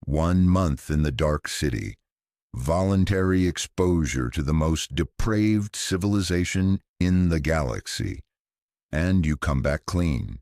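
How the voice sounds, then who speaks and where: A man voicing a stern female inquisitor who speaks in a measured, authoritative way. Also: rumbling low, lively intonation, darkish tone, no room sound, clean studio sound, full character voice.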